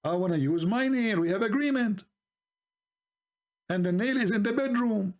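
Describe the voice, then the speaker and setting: A man's voice: sits high, moderate pace, darkish tone, voice pushed up. A man telling of Juha, the sly trickster. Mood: insistent. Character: Juha, crafty male folk trickster.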